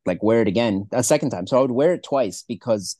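A man co-hosting a podcast, chatting casually in a fast, profane, rambling way. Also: mid-range voice, expressive, warm tone, no echo, clean studio sound. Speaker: podcast co-host. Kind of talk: casual chat.

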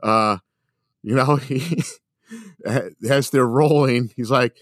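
A man telling a story in casual podcast chat, rambling along with plenty of fillers and cursing. His voice sits at an ordinary pitch for a man. The recording is dry and close. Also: takes it slowly, fairly bright tone, no echo.

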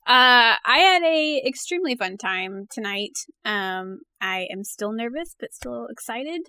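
Brief: female player, bright tense tone, nervous giggles, dry close mic. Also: on the high side, lively intonation, unhurried, smooth, no room sound. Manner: nervous, giggly, trailing off quietly. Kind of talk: casual chat.

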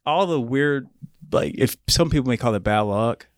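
A man in his thirties, a podcast guest, telling his story in a relaxed, casual way full of filler words. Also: medium pitch, moderate pace, no echo, clean studio sound. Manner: relaxed, leans on fillers like "like" and "you know".

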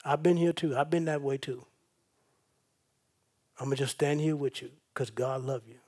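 A man preaching a sermon as pastor, swinging between loud bursts and soft, folksy comfort aimed straight at his listeners. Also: medium pitch, fairly even intonation, moderate pace, slightly rough.

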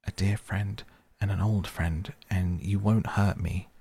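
A man's voice: sits low, fairly even intonation, unhurried, gravelly, mellow, husky, no echo, full character voice. A man voicing a tiny, unhappy insect that speaks in a small pleading voice. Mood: wistful. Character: tiny sad insect, a gnat.

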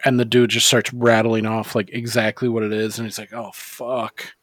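A man's voice: on the low side, level tone, fairly quick, fairly bright tone, no echo. Rambling casual podcast guy, dry mic. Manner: rambling, filler-heavy, swears freely. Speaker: podcast co-host. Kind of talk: casual movie podcast chat.

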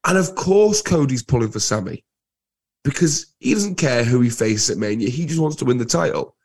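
A man co-hosting a podcast, his voice husky from a head cold, talking in an enthusiastic, emphatic way. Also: mid-range voice, expressive, normal speed, darkish tone. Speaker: podcast co-host. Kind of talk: casual podcast chat.

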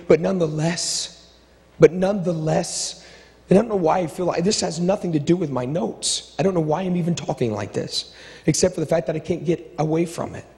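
A middle-aged male pastor preaching a sermon with impassioned, repetitive phrasing, swinging between stirring build-ups and low, quiet asides. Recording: long reverb of a large hall.

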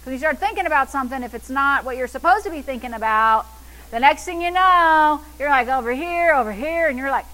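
A woman's voice: sits high, expressive, a little fast, background noise. A woman pastor preaching an exuberant sermon, with bursts of laughter and call-and-response.

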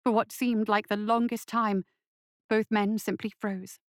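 A woman narrates a scripted adventure story at a measured pace, slowing down for dramatic passages. Her voice sits in a middle pitch. The recording is dry and close, with no room around it. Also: level tone, dry recording.

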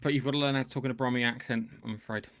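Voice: medium pitch, fairly even intonation, rapid-fire, a bit bright. A podcast host opening and steering a casual chat, with a teasing, jokey manner.

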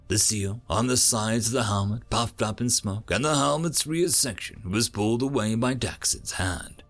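A man narrating a story in a slow, expressive reading. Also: fairly low pitch. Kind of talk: audiobook narration.

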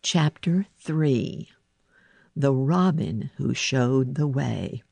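A woman reads a children's story aloud, her voice low and husky with a gravelly edge. She takes her time, and her pitch rises and falls expressively through each sentence. The recording is close and dry. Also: animated, very slow, darkish tone, no echo. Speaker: narrator.

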